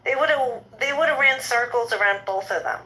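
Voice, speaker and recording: A woman's voice: fairly high pitch, moderate pace, sharp tone, low-quality recording. A woman of fifty, agitated and indignant, giving an impassioned political rant in an audio chat room and repeating herself as she talks. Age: 50s.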